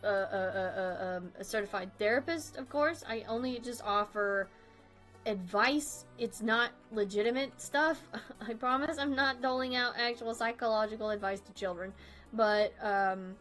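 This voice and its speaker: A woman's voice: a little high, normal speed, fairly bright tone, soft background music. A young woman in her twenties chatting casually on a drawing stream, rambling and self-deprecating, often laughing.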